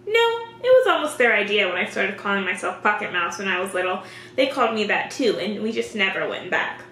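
A woman's voice: mid-range voice, very animated, a little fast, pushed and bright, roomy sound, low-quality recording. A woman reading the lines of a cheerful, dreamy teenage girl in a light, breezy way.

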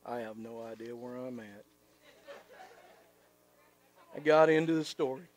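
A pastor in church reading a story aloud during a sermon, earnest, then dropping to a soft, quiet prayer. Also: male voice, mid-range voice, fairly quick, few pauses, no echo.

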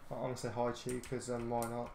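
A man's voice: mid-range voice, completely flat delivery, quick pace, gravelly, a little mellow, slight background noise. A British man hosting a gaming channel, giving casual gameplay commentary full of ums and restarts, easily irritated and grumbling. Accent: British English. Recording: roomy echoey home recording.

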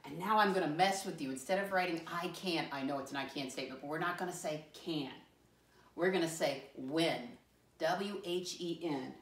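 A woman teaching a first grade class, speaking slowly and clearly to young children and spelling words out letter by letter. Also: low voice, a bit bright. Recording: roomy sound from a distant mic.

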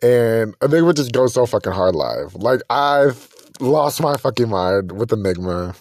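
A man hosting a casual solo podcast, gushing with excitement and swearing freely. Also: medium pitch, measured pace, no room sound. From not from Texas. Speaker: podcast host.

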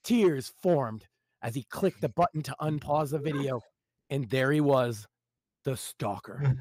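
A man's voice: medium pitch, unhurried, darkish tone. A man reading his own short story aloud live on a stream, in a dramatic, wry storytelling manner.

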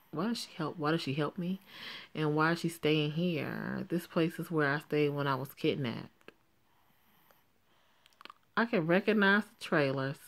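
A weary, guarded teenage girl from a story game, read out by a woman in a low, gravelly voice. She talks in a flat, low-key way, keeping her feelings held back. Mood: uneasy. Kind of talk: reading a story game aloud.

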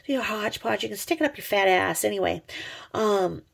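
With an expressive, fairly quick delivery, a middle-aged woman uses her vlog to tear someone apart through snarky, swear-filled gossip. Her deep, gravelly tone carries a husky rasp.

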